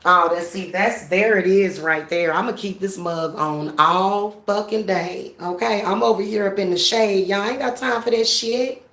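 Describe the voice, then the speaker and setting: A woman's voice: medium pitch, moderate pace, fairly bright tone, roomy sound. Blunt, profane woman ranting at home. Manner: blunt, profane, laughing, talks straight to viewers. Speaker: spiritual practitioner vlogger. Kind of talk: casual ranting vlog.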